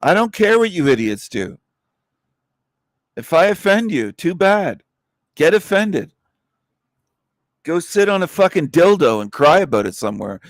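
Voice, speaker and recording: A man's voice: fairly high pitch, sing-song, a little slow, pauses often, no echo, clean studio sound. A man hosting a livestream in a blunt, profane angry rant, with scornful laughs scattered through it. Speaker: livestream host.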